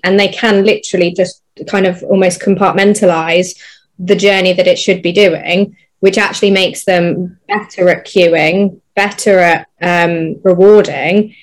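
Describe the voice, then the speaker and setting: A woman's voice: lowish voice, steady tone. Chatty woman dog trainer. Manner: quick, chatty, lots of fillers. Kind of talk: casual panel discussion.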